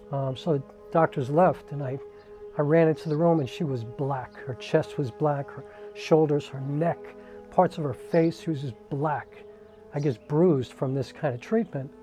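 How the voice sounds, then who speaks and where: Talking casually to camera, a New York–area singer recounts a personal family story. His voice is fairly high-pitched with a dark tone, and his conversational speech is dotted with frequent "um"s and "like"s.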